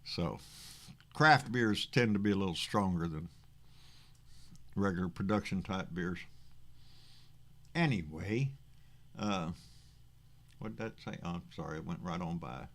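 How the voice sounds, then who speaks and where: A man's voice: deep voice, expressive, unhurried, pauses often. A man with a Texan accent hosting a casual political livestream, reading chat comments aloud. He rambles, swears freely and stammers over repeated words. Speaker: livestream host.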